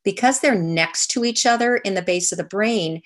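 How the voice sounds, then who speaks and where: An older woman giving an online lecture over slides, explaining in a soft, unhurried way. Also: medium pitch. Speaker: movement teacher.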